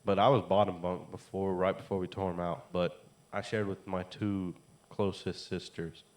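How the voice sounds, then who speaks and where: A man co-hosting a casual chat podcast, talking in a relaxed, halting way that repeats itself. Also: sits low. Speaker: podcast co-host.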